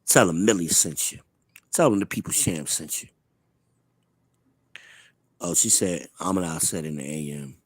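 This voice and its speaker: A man's voice: sits low, normal speed, pauses often, husky, no room sound. A man from Charlotte hosting a live online talk show, talking in a blunt, profane, swaggering, opinionated way. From Charlotte, United States. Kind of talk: casual opinionated chat.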